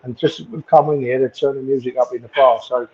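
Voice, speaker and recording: A man's voice: medium pitch, little pitch movement, fairly quick, a crowd in the background. A man joining a podcast remotely from a holiday bar, speaking in an enthusiastic, emphatic way and repeating phrases. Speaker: regular podcast guest. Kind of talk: casual chat. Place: holiday bar with music playing. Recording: dull lo-fi call audio with faint bar noise.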